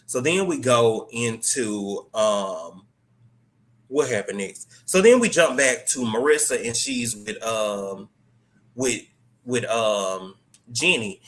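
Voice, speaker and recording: A young man casually retelling a TV episode, rambling with many fillers and briefly acting out the characters' lines in quick bursts. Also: lowish voice, fairly bright tone. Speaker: host recapping a TV episode. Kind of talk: casual recap.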